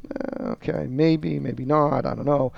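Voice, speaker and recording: A man with a gravelly voice explains sales methods on a podcast in an emphatic, teacherly way. He acts out sample dialogue as he goes. The sound is dull and dry. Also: a little high, steady tone, measured pace, no echo. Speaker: guest, research firm executive.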